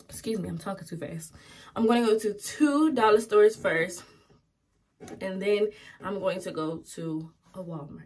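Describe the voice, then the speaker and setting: Young adult woman, casual daily vlogger, chatty and relaxed, close to the mic. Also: medium pitch, normal speed. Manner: chatty, loose, lots of "um" and "y'all". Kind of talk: casual vlog chat. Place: at home, then out running errands. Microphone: phone or camera held close.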